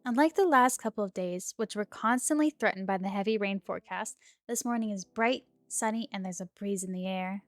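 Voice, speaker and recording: Fairly quick and mid-range, a woman's voice reads a dating game aloud in a casual stream despite a sore throat, mixing in chatty, giggly remarks between lines. The recording is dry, and faint game music plays underneath.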